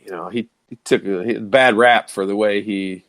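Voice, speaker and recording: A man co-hosting sports talk radio, easygoing and halting, with frequent restarts. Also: lowish voice, steady tone, fairly bright tone. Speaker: radio co-host. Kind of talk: casual radio chat. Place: radio studio.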